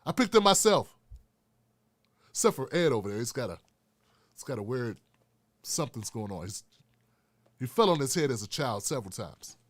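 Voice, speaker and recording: A male host giving an animated, profane political commentary rant. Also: mid-range voice, moderate pace, pauses often, no echo.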